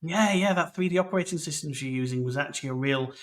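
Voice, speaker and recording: A man's voice: on the high side, fast, music in the background. A man co-hosting a tech podcast, chatting casually in a dry, wry way.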